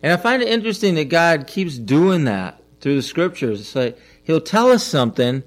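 A man's voice: a little high, sing-song, moderate pace. A middle-aged man preaching a conversational sermon as a pastor, asking the listeners questions and repeating his phrases.

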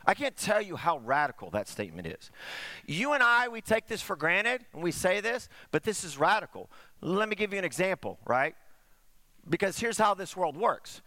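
Man, pastor preaching, high voice, sharp bright tone, dry close sound. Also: no echo. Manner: animated preaching, drops to quiet asides, slows for emphasis; asks the congregation "Amen?". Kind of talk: sermon.

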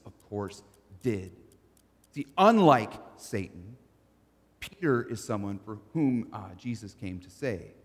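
A man preaching a sermon as pastor, swinging from loud to hushed. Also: medium pitch. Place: church sanctuary. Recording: long church reverb.

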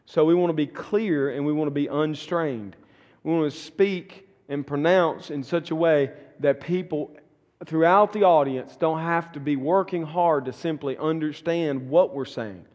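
A middle-aged Southern man teaching a church class, earnest and folksy, often circling back to repeat himself. His voice sits a little high for a man. The room around him rings with a long echo. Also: unhurried, darkish tone. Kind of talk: conversational teaching talk.

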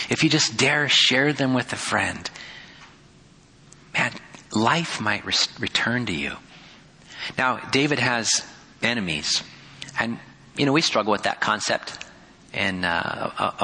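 A man in his thirties preaching a sermon as pastor, earnest, rising to pleading cries and dropping to quiet asides. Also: on the low side, slightly rough, long reverb tail. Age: 30s.

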